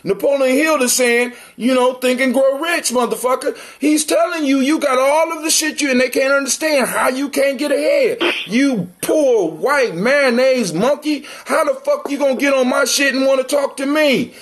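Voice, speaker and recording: A man's voice: extremely high pitch, a little fast, hardly any pauses, fairly bright tone. A middle-aged man hosting a livestream, ranting in a profane, confrontational and mocking way. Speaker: livestream host. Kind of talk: heated livestream rant.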